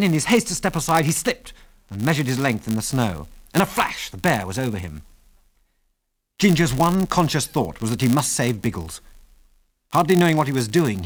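A man narrating an adventure story in a measured, dramatic reading. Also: mid-range voice.

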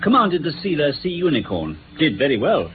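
An actor playing an earnest, frustrated police inspector in a radio drama, reporting in a plain, matter-of-fact way. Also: male voice, a little high, wildly swooping pitch, fairly quick. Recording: tinny phone-like radio broadcast with faint hiss.

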